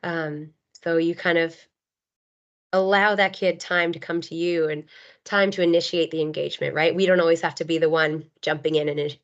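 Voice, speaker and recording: A woman in her thirties, an occupational therapist, giving an earnest webinar talk with many ums and you knows. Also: on the low side. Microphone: video call. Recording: dull lo-fi video call audio.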